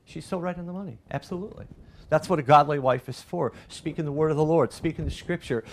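A middle-aged man delivers a sermon from the pulpit. His voice climbs and grows loud whenever he runs through a list or acts out a quote, then drops back to a quiet, conversational tone. There is a faint hiss of noise under the recording. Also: on the high side, fast, vocal fry. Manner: animated preaching, rising loud on lists and quotes. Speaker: pastor.

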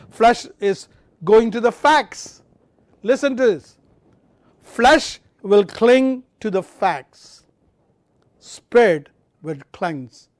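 A high-voiced male preacher delivers a sermon with impassioned fervor, swinging from loud emphasis to quiet, low tones. He repeats phrases and slowly draws out key words. There is no echo.

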